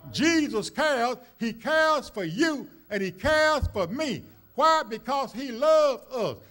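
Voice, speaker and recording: A man's voice: extremely high pitch, expressive, slow, fairly bright tone. A man preaching a sermon as a minister, telling stories in a folksy way with many fillers and rising emphasis. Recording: church service recording.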